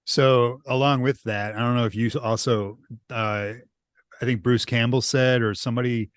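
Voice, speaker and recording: A man co-hosts a casual podcast, speaking at an average middle pitch. He is easygoing and agreeable, dropping quick interjections as he talks movies. His voice is dry and close, without room echo. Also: steady tone, clear, resonant tone. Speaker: podcast co-host. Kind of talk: casual chat about horror movies.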